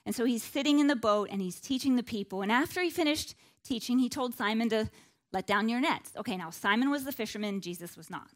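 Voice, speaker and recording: A woman's voice: fairly high pitch, lively intonation, fast talker. A woman teaching a conversational Bible lesson, chatty and informal, often adding asides and checking in with her listeners. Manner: chatty, with many "like" and "you know" asides.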